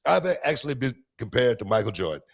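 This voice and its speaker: Man, podcast host, gravelly voice, emphatic, repeats himself for stress, casual chat. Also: medium pitch, sing-song, quick pace.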